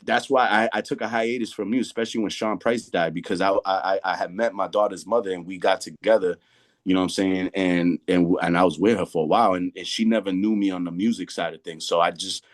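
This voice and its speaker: A man's voice: low-pitched, fairly even intonation, fast. A man in his thirties from Massachusetts, a hip-hop artist talking casually as a guest in an interview, telling stories full of slang and restarts. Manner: storytelling with slang, many restarts.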